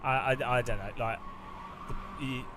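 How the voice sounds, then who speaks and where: A man's voice: medium pitch, steady tone, normal speed, noisy background. A British man from the UK chatting casually while sim racing, rambling and joking with many restarts. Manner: rambling, joking, self-interrupting. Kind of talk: casual live-stream chat.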